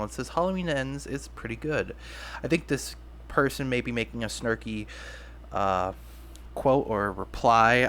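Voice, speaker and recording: A man's voice: medium pitch, sharp tone. A young man hosting his own podcast, rambling casually and self-deprecatingly, often restarting his sentences. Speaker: podcast host. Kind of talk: casual solo podcast talk.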